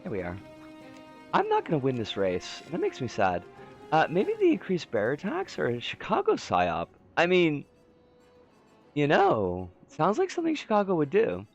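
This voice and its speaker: A man's voice: wildly swooping pitch, normal speed, muffled recording, faint music behind. A man streaming a game, chatting in a rambling, jokey way. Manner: rambling, jokey, swoops in pitch. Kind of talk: casual game-stream chat.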